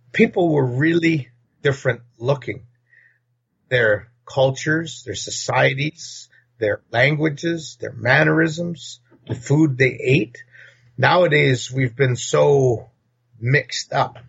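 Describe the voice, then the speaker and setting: A man's voice: medium pitch, slow, creaky, fairly bright tone, slightly rough. A man from North America, a podcast guest, talking in a blunt, rambling, opinionated way. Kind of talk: casual opinionated talk. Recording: dull lo-fi recording.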